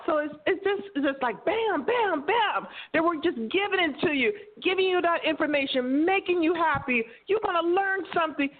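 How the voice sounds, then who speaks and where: Lively high-voiced woman on a tinny line. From United States. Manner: animated, laughs often, acts out quoted voices. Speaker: guest, co-host of a cooking show. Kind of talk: casual interview chat.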